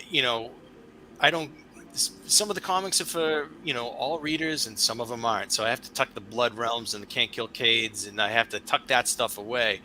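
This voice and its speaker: A man hosting a podcast, chatting casually and telling a rambling, animated story as a father. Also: medium pitch, slight background noise, rough recording. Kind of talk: casual conversation.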